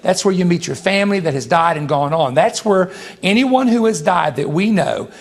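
A man preaching a sermon to his congregation, animated, breaking into high exclamations and laughing as he talks to the crowd. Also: moderate pace.

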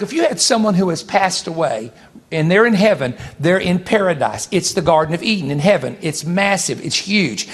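Animated preacher man, high voice. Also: slightly rough. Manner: animated, jumps to high exclamations and laughs, addresses congregation. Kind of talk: sermon.

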